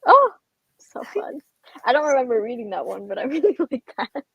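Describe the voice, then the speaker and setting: A woman's voice: high-pitched, sing-song, normal speed, gravelly, a bit bright, slightly rough, dry recording, low-quality recording. A young woman co-hosting a casual livestream book discussion, laughing often and gushing over the book. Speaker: book club co-host.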